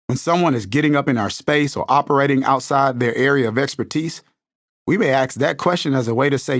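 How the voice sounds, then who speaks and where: A man's voice: medium pitch, a little fast, a bit bright, no echo, clean studio sound. A man reading an inspirational self-help book aloud in a scripted, earnest style, building his points through rhetorical questions. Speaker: audiobook narrator.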